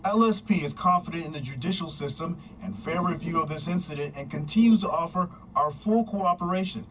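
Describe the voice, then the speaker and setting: Man reading a news report, slightly high. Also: fairly bright tone, recorded from a distance, a little hiss or hum, rough recording. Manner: measured, formal delivery. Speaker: news correspondent.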